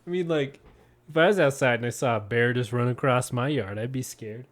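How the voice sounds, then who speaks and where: A man's voice: medium pitch, brisk. Laid-back, wry man chatting. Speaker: podcast co-host. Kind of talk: casual podcast chat.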